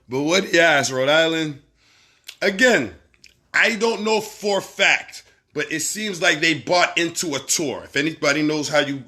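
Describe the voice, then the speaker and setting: A man with a Barbadian accent hosting a casual livestream, reading viewer comments and giving shout-outs in a laid-back, profane, laughing way. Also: mid-range voice. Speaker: livestream host.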